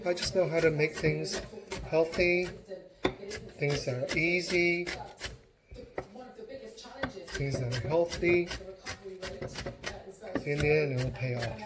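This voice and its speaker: A man's voice: on the high side, noisy background. A man giving a casual cooking demonstration in his home kitchen, chatty and encouraging as he talks while chopping.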